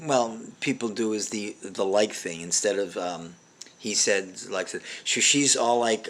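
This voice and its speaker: A middle-aged man hosting a comedy show, telling a rambling deadpan monologue full of fillers and restarts. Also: on the low side, moderate pace.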